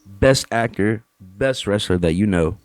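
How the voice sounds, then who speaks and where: A man tells a long anecdote on a podcast in a lowish voice, swearing freely and acting out the people in it. He sounds animated and casual, and the recording is close and dry with no room sound. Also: unhurried, no room sound. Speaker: podcast guest. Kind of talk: casual storytelling. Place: Tampa area.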